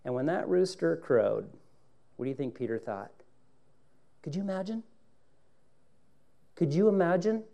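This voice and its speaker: A male pastor preaching with a mellow, warm tone and a fairly high voice. He swings dramatically between hushed and raised lines. He acts out scripture dialogue as he goes. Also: lively intonation, unhurried, gravelly, pauses often. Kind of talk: sermon.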